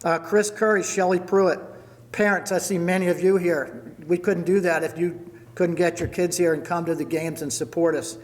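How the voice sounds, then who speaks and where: An older man delivers a retirement party speech, running down names and telling hockey stories. His voice sits high for a man. The sound carries a long reverb from a large hall. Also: steady tone, normal speed. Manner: storytelling, thanking people by name.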